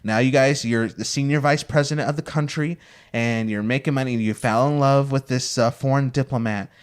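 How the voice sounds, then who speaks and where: A man's voice: mid-range voice, fairly even intonation, fairly quick, smooth. Man rambling through playful hypotheticals. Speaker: podcast host. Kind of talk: casual podcast chat.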